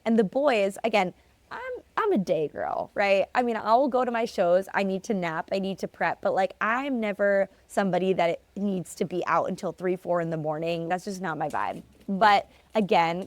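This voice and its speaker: A woman's voice: mid-range voice, normal speed, dry recording. A young adult woman hosting a solo podcast, casually telling stories in a chatty way with lots of filler words. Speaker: podcast host.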